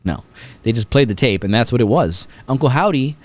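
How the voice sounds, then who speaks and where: A man's voice: mid-range voice, expressive, a little fast. A man hosting a podcast, chatting casually and jokingly retelling scenes with many fillers. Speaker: podcast host. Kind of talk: casual chat.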